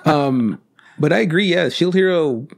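A man's voice: on the high side, expressive, measured pace, creaky. A man co-hosting a podcast in casual chat, swearing and acting out little quoted exchanges. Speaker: podcast co-host.

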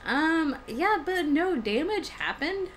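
Young woman, game streamer, casual chat to viewers, fairly high voice, swears and laughs often. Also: very animated, slow. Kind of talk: casual live-stream chat while gaming. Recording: faint background noise.

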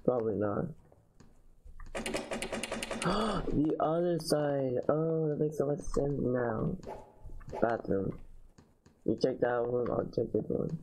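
A man's voice: mid-range voice, unhurried, warm tone, a little hiss or hum, low-quality recording. A man giving casual let's-play commentary, chatty and slangy, talking to fellow players. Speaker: gamer.

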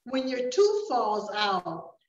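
Grandmother reads a shy, kind little fairy girl, slow and soft, raised pitch, roomy dull recording. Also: sing-song, recorded from a distance, heavily acted. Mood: gentle. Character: small gentle female fairy, shy and kind.

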